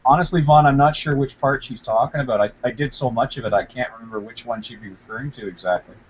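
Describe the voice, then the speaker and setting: A man's voice: mid-range voice, fast. Dry-joking man on chat. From Canada. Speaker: chat participant. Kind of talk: casual voice chat. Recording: lo-fi chat with faint noise.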